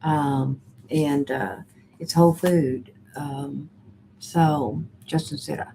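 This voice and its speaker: A woman's voice: low-pitched, steady tone, drawn-out words, creaky, warm tone, a little hiss or hum. A middle-aged woman hosting a live chat stream. She talks casually and rambles, with many fillers and restarts, and answers viewer comments as she reads them.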